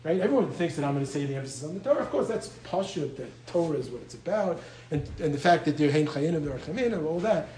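A man's voice: on the high side, animated, fast talker, few pauses, mellow, reverberant, poor audio. A man giving an informal Torah lecture, talking conversationally and often repeating his words, with Hebrew and Yiddish terms mixed in. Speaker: lecturer on Jewish law and medical ethics.

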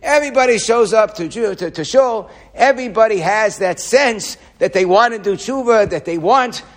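A man giving an animated Torah class, quoting Hebrew and often repeating words as he thinks. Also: high-pitched, moderate pace.

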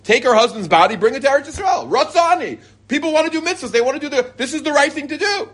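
A man's voice: very high voice, lively intonation, fast, fairly bright tone. A middle-aged man teaching an informal Torah class to a live group, reading Hebrew passages and then explaining them in casual, joking English.

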